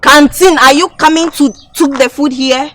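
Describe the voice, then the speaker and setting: A woman with a Ghanaian English accent plays a demanding canteen cook in a comedy skit. She scolds and complains in broken English, her voice sitting a little high. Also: fairly even intonation, moderate pace, fairly bright tone.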